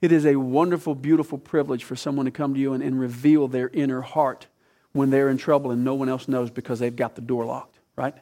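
A man's voice: mid-range voice, flat delivery, fairly quick, warm tone. A man preaching a sermon as a pastor and counselor, quoting Scripture and putting questions to the congregation.

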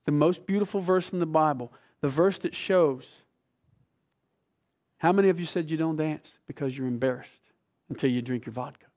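Passionate male pastor preaching a sermon. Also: a little high. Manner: passionate, swings from loud emphatic bursts to hushed, slow intimate reading.

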